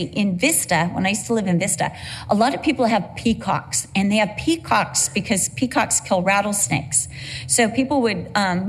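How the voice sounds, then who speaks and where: A woman's voice: a little high, a little hiss or hum. A middle-aged woman preaching a sermon, earnest and emphatic, driving points home with repeated phrases.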